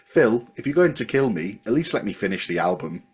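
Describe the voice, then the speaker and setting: Brief: an exasperated northern rock star with a Manchester-like accent, blunt and sweary, as a podcast host's shaky impression. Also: male voice, lowish voice, big pitch swings, a little fast, a little hiss or hum. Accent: northern English (Manchester-like). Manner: self-admittedly weak impression, sweary and pleading.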